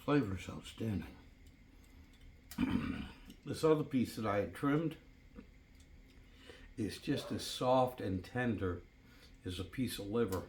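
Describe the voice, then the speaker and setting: A man's voice: fairly low pitch, slow pace, pauses often, slight background noise. A man hosting a casual home cooking vlog, chatting and murmuring over the food as he tastes it, recorded on a phone. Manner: relaxed, chatty, savoring food with murmurs and apologies. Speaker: DIY channel host. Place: home kitchen by a woodstove. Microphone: phone camera.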